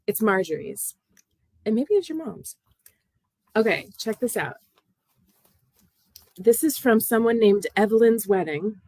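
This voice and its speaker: A woman's voice: medium pitch, lively intonation, unhurried, long pauses, a little mellow, no echo. A middle-aged American woman hosting a knitting livestream, chatting casually, and emotional, often laughing and greeting viewers by name.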